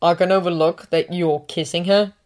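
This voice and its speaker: A woman's voice: fairly low pitch, steady tone, moderate pace, a little mellow, natural voice. A woman reading a fan story aloud while voicing a teenage boy wizard, a blunt and loyal friend, in an earnest, blurting way. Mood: earnest protective.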